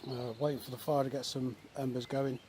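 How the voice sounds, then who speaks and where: A man talking casually in a relaxed, chatty way with many fillers, filming a vlog at a woodland camp outdoors. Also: mid-range voice, fairly quick. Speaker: vlogger. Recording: outdoor recording with faint nature noise.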